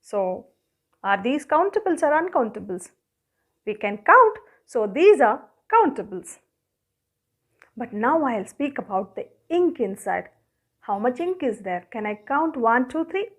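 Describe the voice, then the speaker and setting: A woman's voice: a little high, very animated, unhurried. A woman with an Indian English accent teaching a grammar lesson, asking questions and answering them herself as she counts objects aloud. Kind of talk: classroom lesson.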